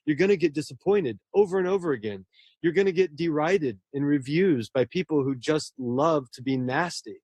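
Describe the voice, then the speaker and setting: A man's voice: on the high side, expressive, moderate pace, darkish tone, slightly rough, no room sound. A man, a horror novelist, talking earnestly and at length in a casual interview, often restarting his words.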